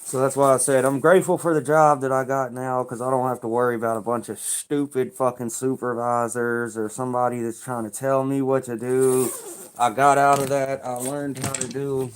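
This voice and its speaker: A man's voice: medium pitch, little pitch movement, normal speed, slight background noise. Laid-back profane man on a livestream. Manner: blunt, profane, laid-back street talk. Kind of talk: casual storytelling on a livestream.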